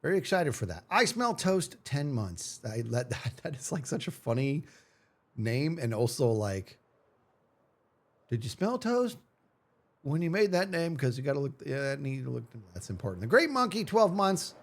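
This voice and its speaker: Animated, playful male streamer. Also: medium pitch, moderate pace. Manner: playful, animated, self-mocking. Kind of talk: casual livestream chat.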